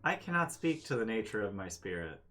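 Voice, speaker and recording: A man voicing an ancient, literal-minded construct character who speaks formally and flatly in a tabletop game. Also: on the low side, a little fast. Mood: stiff, literal.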